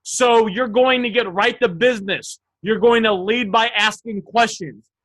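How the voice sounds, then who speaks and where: He is a male sales coach with a high, bright, forceful voice. He talks straight to his live viewers, pushing his points with emphatic energy. He keeps pulling them in with direct questions. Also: a little slow. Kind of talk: live online sales lesson.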